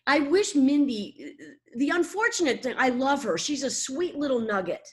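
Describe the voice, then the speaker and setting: Animated woman in her 60s, slightly high, playful guest chat. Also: normal speed. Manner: animated, laughing, slips into voices. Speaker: voice actor, guest. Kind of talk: casual interview chat.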